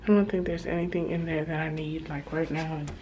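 Chatty low-voiced Texan woman vlogging. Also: brisk, heavy background noise. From Texas. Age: 30s. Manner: chatty, storytelling, animated asides to viewers. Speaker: flight attendant vlogger. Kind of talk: casual vlog chat. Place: hotel hallway and room. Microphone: handheld compact camera.

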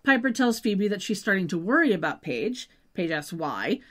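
A woman co-hosting a podcast recaps a TV episode in a medium-pitched, fairly bright, very animated voice at a moderate pace. She's chatty, drops wry asides, and trails off with "just saying."

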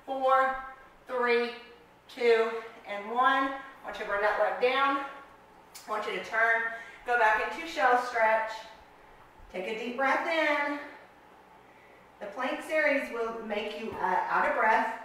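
A woman's voice: fairly high pitch, fairly bright tone. A woman fitness coach guiding a workout class, counting reps aloud and giving encouraging cues. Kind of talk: guided workout instruction. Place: fitness studio. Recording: echoey room, voice from far off.

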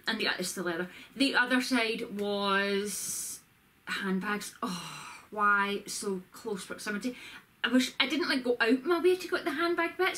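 A woman vlogger with a mid-range, fairly bright voice chats casually from her bedroom at home, rambling and poking fun at herself while showing off a shopping haul. She's recorded on a camera with a ring light.

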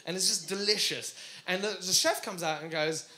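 A man doing a stand-up routine, telling stories animatedly, laughing and switching between loud bursts and hushed asides. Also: high-pitched, normal speed. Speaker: stand-up comedian. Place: live comedy stage.

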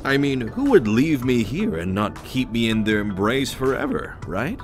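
A man's voice: medium pitch, sing-song, moderate pace, faint music behind, natural voice. Sunder, a man playing a cocky flirtatious sword-man. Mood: flirty. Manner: smooth, teasing, self-admiring. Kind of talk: video game voice acting.

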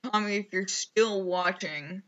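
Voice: medium pitch, a little slow, bright, forceful tone. Gameplay commentary, rambling, self-mocking, mutters to self, headset mic, slightly muffled lo-fi sound. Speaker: streamer.

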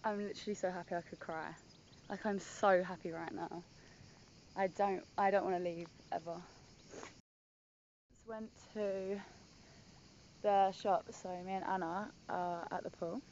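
A young woman gushes to her phone camera in a casual holiday vlog, talking at an everyday pitch. The sound is dull and lo-fi, with a faint hiss of noise underneath. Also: fairly even intonation, a little slow, pauses often, darkish tone. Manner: gushing, chatty, lots of "like". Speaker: vlogger. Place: outdoors at a villa.

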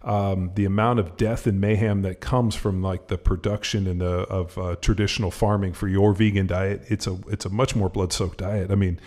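Low-voiced man rambling on a podcast. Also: flat delivery, moderate pace, few pauses, darkish tone. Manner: rambling, swears a lot, many fillers. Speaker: podcast co-host. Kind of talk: casual podcast chat.

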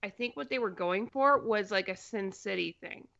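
A woman's voice: mid-range voice, moderate pace, vocal fry, sharp tone, dull audio. A woman co-hosting a movie podcast, cracking jokes and laughing as she talks. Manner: jokey, laughs while talking. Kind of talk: casual movie-review banter. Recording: noisy podcast mic.

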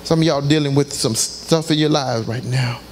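A man's voice: medium pitch, normal speed, a little hiss or hum. A man preaching a passionate sermon in a church, tossing out call-and-response asides to the congregation. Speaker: pastor. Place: church sanctuary.

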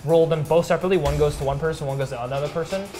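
Slightly high-voiced man explaining game rules. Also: very fast, dark tone, faint music behind. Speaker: player. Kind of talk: casual tabletop game talk.

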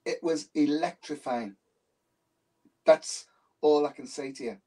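A man's voice: a little high, a little slow, dark tone. A man, an interview guest who tells his stories with animation and repeats phrases for emphasis. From Liverpool, England. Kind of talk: casual interview talk. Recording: voice distant from the mic.

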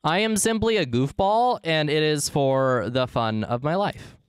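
A man's voice: on the high side, measured pace, clean tone, no room sound, clean studio sound. A man live-streaming a game, chatting casually and goofily with his viewers as he plays. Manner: goofy, rambling, talks to chat.

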